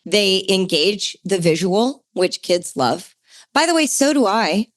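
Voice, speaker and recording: A middle-aged woman hosts a podcast on teaching children at home. Her talk is chatty and enthusiastic, at an ordinary middle pitch that leaps upward when she gets excited about an idea. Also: takes it slowly. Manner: enthusiastic, chatty, jumps to a bright higher pitch for emphasis. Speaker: podcast host.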